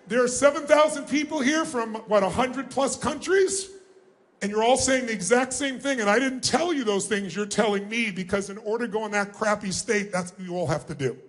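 A man with a very high voice speaking from a stage in a large arena, driving a huge crowd through an exercise. He is energetic and commanding and often shouts questions for the audience to call back. His tone is forceful and his delivery is lively. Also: moderate pace. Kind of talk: live seminar talk to a huge crowd.

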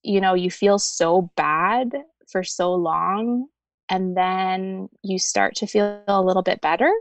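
A woman speaks with earnest, gentle sincerity as a podcast guest, her voice sitting in an ordinary middle register. The sound is close and dry, with no room around it. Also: mid-range voice, no echo. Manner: soft-spoken and earnest, reads a friend's letter aloud slowly. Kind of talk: heartfelt interview talk.

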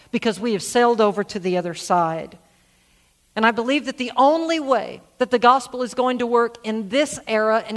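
A man's voice: sits high, a bit bright. A man, a senior pastor preaching a sermon and telling a story, who repeats words as he restarts.

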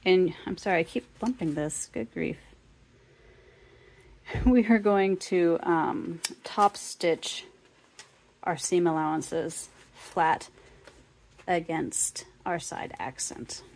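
Woman doing a sewing tutorial, low creaky voice, kinda slow, chatty step by step. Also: darkish tone. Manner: casual, talks the viewer through each step. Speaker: sewing instructor.

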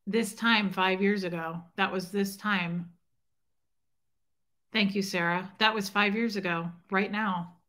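This livestream host speaks slowly, her medium-pitched voice sharp in tone and fairly even in intonation. She wanders emotionally through a personal story while calling out chat viewers by name.

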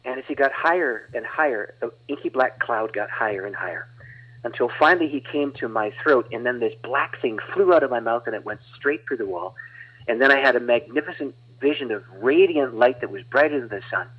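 A man's voice: medium pitch, animated, a little fast, breathy edge. A man, a guest evangelist, animatedly retelling a dramatic personal testimony. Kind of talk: storytelling testimony. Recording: dull lo-fi audio.

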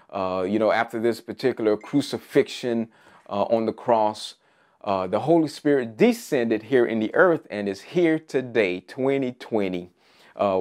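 Male preacher, Easter sermon; emphatic, builds with repeated rising phrases, many "uh" fillers, mid-pitched voice. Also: darkish tone. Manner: frequent "uh" fillers.

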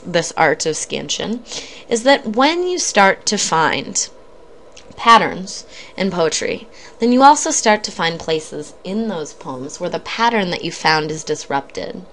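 A woman's voice: fairly low pitch, very animated, slow pace, fairly bright tone. Woman lecturing conversationally on poetry. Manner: conversational, explanatory, frequent ums and self-corrections. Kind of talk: recorded literature lecture.

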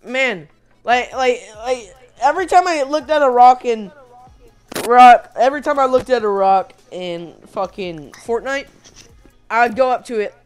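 A woman's voice: a little high, a little slow, clear, resonant tone, soft background music. A young woman streaming a video game live, swearing freely and laughing a lot as she talks. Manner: profane, excitable, laughs often. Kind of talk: live gaming commentary.

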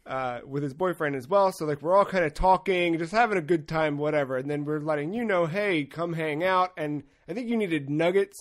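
A young man co-hosting a casual gaming podcast, an excitable storyteller who swears freely. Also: on the high side, fairly quick, hardly any pauses. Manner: excitable storyteller, swears freely, acts out his own shouting. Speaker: podcast co-host.

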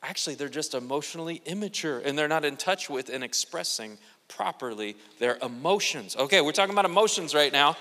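A male pastor preaching a sermon to a congregation, animated and joking, with playful asides to the crowd. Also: a little high, brisk, few pauses. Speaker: guest pastor. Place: church sanctuary. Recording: long reverb of a large church hall.

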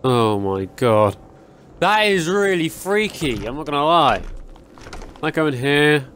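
A man's voice: fairly high pitch, lively intonation, slow pace, fairly bright tone, a little hiss or hum. A young man giving casual, rambling commentary while playing a horror game, often yelping and laughing at jump scares. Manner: chatty, rambling, easily startled, yelps and laughs at jump scares. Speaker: gaming channel host.

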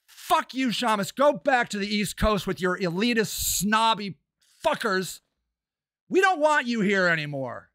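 A man hosting a podcast, delivering an impassioned, profane political rant that swings between shouting and low muttering. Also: big pitch swings, measured pace, dry recording, studio quality. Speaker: podcast host.

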